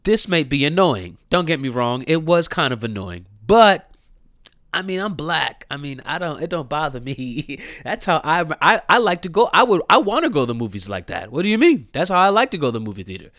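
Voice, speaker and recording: A man giving a blunt, animated, profane movie review rant, often laughing as he talks. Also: fairly high pitch, brisk, no room sound, clean studio sound.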